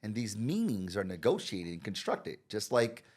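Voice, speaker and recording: A middle-aged American man talking as a guest in a casual conversation, animated and laughing often. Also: fairly low pitch, normal speed. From United States. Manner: animated, laughs often, quotes others in voices.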